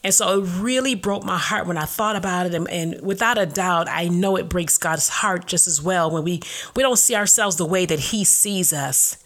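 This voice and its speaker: A woman hosting a devotional podcast, speaking earnestly and reading affirmations slowly and deliberately. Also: fairly low pitch, a bit bright. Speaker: podcast host.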